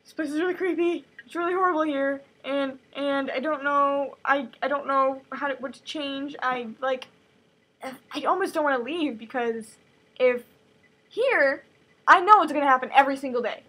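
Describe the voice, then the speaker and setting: A woman's voice: high voice, normal speed, a bit bright, low-quality recording. A woman doing panicky young captive, stammering. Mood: frightened. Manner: stammering, breathless, rising panic.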